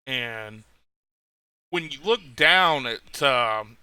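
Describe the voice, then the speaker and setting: A man's voice: medium pitch, animated, drawn-out words, sharp tone, clear, resonant tone, no room sound. A man narrating as game master of a tabletop game, rambling, with many fillers and restarts.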